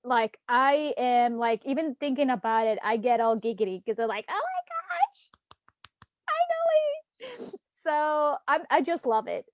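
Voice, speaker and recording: A woman hosting a casual livestream town hall as a political candidate, talking from home in a chatty, heartfelt way with lots of fillers. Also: on the high side. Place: at home, streaming live.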